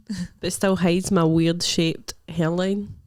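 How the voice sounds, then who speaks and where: A woman's voice: fairly low pitch, fairly even intonation, slow, a little mellow, no room sound, studio quality. A young Scottish woman, a comedian co-hosting a podcast, chatting casually and teasing her friend with lots of laughter. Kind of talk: casual chat.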